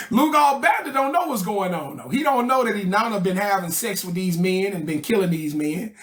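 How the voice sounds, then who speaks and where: A man's voice: sits high, expressive, brisk, hardly any pauses, a bit bright. A man teaching a study group in a casual, joking way, full of slang and checks like "okay?" and "right?". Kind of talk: casual explanatory lecture.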